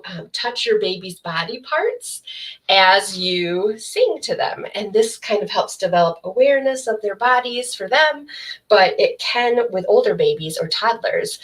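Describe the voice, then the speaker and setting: A young adult woman librarian leading a baby rhyme session, explaining each rhyme in a slow sing-song way. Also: mid-range voice. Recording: voice from some distance off the mic.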